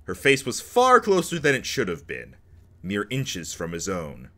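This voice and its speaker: A man reading a story game aloud, narration broken up by joking asides. His voice is very bright and cutting, with a low pitch that swings widely. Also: wildly swooping pitch, a little slow. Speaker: let's play host.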